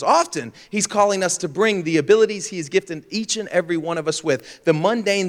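Young male pastor, high voice, animated sermon, jokey, acts out voices, long hall reverb. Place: church auditorium.

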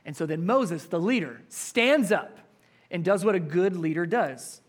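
High-voiced emphatic preacher man. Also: expressive, unhurried. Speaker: pastor. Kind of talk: sermon.

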